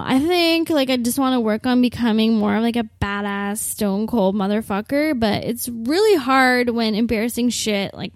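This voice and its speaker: A woman's voice: on the high side, dry recording, studio quality. A woman in her twenties hosting a solo podcast, rambling through a self-mocking comic fantasy with lots of "like". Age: 20s. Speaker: podcast host. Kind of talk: comedic solo storytelling.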